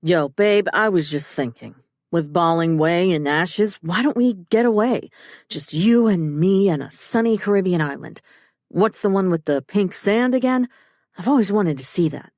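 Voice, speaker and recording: A woman narrator voicing a talkative husband in an audiobook thriller, breezy and quick. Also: fairly low pitch, expressive, a little mellow, no echo, studio quality, natural voice. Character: frantic-then-casual young husband, chatty restaurateur. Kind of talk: audiobook dialogue.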